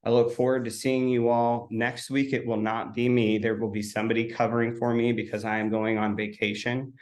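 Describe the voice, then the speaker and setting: A man's voice: medium pitch, level tone, fairly quick, darkish tone. A man hosting a weekly motivational talk for real estate agents, coaching them in a direct, encouraging way. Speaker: coach and host.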